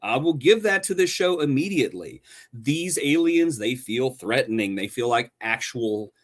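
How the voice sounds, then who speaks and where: Reviewing a show, this male co-host on a podcast is sarcastic and lively, letting his pitch roam and hamming it up theatrically for effect. His speed is normal.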